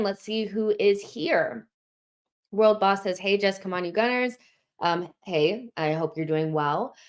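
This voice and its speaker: A woman's voice: mid-range voice, takes it slowly. A young woman hosting a live football fan stream, chatting casually, a little out of breath as she reads viewer comments. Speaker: host of a football fan show.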